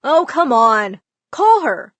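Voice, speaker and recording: A woman voicing a man, a family friend who gets excited and insistent about a singer he hears. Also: sits high, slow pace, no room sound, exaggerated voice. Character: eager male family friend with industry connections.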